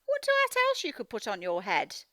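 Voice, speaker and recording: A woman teaching phonics to young children, reading a picture book aloud and slowly sounding out each word. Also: medium pitch, no echo. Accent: Australian. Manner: slow, sounding out words, expressive storybook reading.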